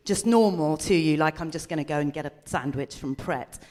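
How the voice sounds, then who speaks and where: A woman's voice: deep voice, fairly quick, darkish tone. A woman co-hosting a live comedy podcast, doing self-mocking, sarcastic stand-up on stage before an audience. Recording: live stage recording with background noise.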